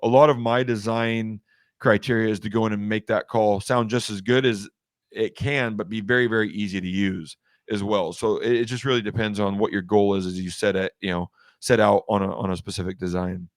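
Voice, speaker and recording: A man's voice: fairly low pitch, fairly even intonation, a little fast, no room sound. Rambling man in a dry room. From Washington state. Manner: rambling, many restarts and fillers. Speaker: guest, game call maker. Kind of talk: casual interview chat.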